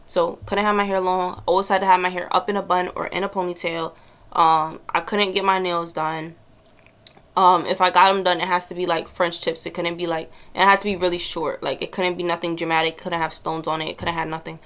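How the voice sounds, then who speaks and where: A woman's voice: lowish voice, fairly bright tone. A young woman, telling a blunt, exasperated storytime in a casual vlog, swearing freely. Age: early 20s. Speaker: vlogger.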